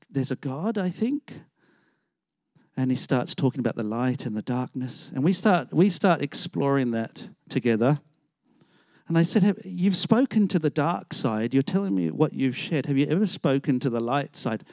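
A man's voice: fairly high pitch, a little mellow, dry recording, studio quality. A middle-aged man, preaching a storytelling sermon and acting out the voices of the people in his stories. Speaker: pastor.

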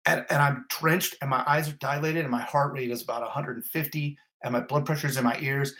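A middle-aged man tells a personal story on a podcast, building it up in short, repeated, graphic clauses. His voice sits at an ordinary middle pitch, and the delivery stays intense and vivid. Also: fairly even intonation, fairly quick, sharp tone. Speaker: fire captain, guest.

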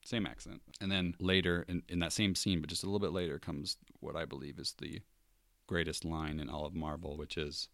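Low-voiced guy hosting a podcast, super enthusiastic, dry close sound. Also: steady tone, fairly quick, gravelly, fairly bright tone, dry recording. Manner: enthusiastic, hyping things up. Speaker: podcast co-host. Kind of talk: casual chat.

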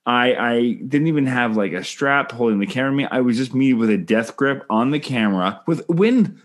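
A man's voice: mid-range voice, animated, moderate pace. A man in casual chat, telling a story in a rambling way with many restarts.

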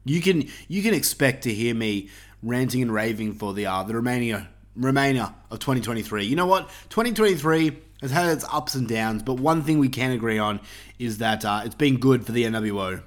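A man's voice: mid-range voice, expressive, a little fast. A man hosting a casual podcast, gloating and bragging in a swaggering wrestling-promo manner, with swearing. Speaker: podcast host.

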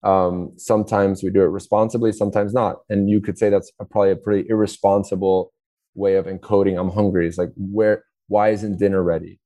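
Low, mellow-voiced man explaining. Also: little pitch movement, a little fast, no room sound. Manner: explains by acting out dialogue, many restarts. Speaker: podcast guest. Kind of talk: casual interview talk.

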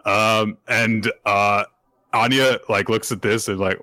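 A man co-hosting a podcast and recapping comics in a loose, chatty way, full of restarts. His voice is bright and forceful. It is recorded close and dry. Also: on the low side, steady tone, slow pace, no echo. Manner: chatty, frequent restarts and laughs. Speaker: podcast co-host. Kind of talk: casual chat recapping manga chapters.

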